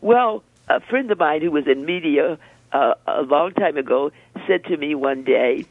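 An older woman, a religious sister, speaking in a gentle preaching and storytelling way, often repeating words as she begins a thought. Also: low-pitched, animated, a little slow, no echo. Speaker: religious sister, interview guest. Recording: dry, phone-like narrow sound.

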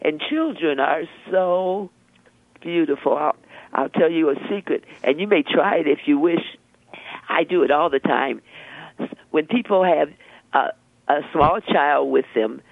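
An older woman, a religious sister, speaking in a gentle preaching and storytelling way, often repeating words as she begins a thought. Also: deep voice, a little slow, vocal fry, breathy edge, no room sound. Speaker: religious sister, interview guest. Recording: dry, phone-like narrow sound.

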